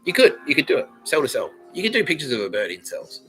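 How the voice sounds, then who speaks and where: A man's voice: a little high, huge pitch swings, fast talker, a bit bright, soft background music, poor audio. A man hosting a comedy podcast, rambling through a profane monologue and laughing often. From Australia. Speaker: podcast host.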